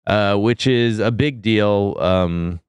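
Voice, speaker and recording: A man co-hosting a podcast, talking through a cold in a deep gravelly voice, relaxed and full of ums. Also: slow pace, dry recording. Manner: relaxed, with many ums and uhs. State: sick, foggy. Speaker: podcast co-host. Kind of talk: casual news chat.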